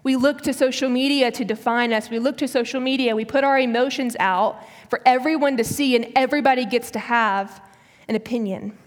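A woman in her early twenties gives a sermon, telling a personal story in a chatty way full of casual fillers. Her voice is fairly high with fairly even intonation and a slightly fast pace, and the recording has a long hall reverb.

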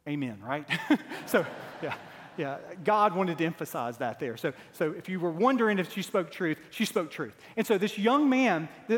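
A man's voice: high-pitched, expressive, normal speed. A man in his forties preaching a sermon as pastor, earnest, building to emphatic repeated phrases. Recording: long hall reverb.

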